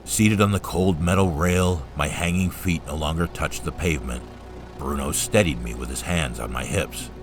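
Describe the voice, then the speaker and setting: A man reading a first-person story aloud in a calm, steady narrating voice. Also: extremely low pitch, moderate pace, over music.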